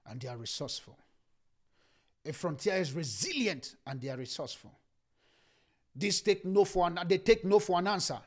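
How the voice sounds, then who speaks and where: A male preacher delivers a sermon in a high, animated voice. He repeats key lines for emphasis and swings from loud declarations to hushed asides. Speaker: pastor.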